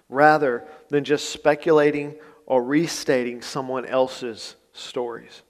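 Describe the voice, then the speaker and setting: A male pastor, preaching a sermon in a conversational, folksy manner. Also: on the high side. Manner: conversational, plain-spoken, folksy asides. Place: church sanctuary. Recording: long church reverb.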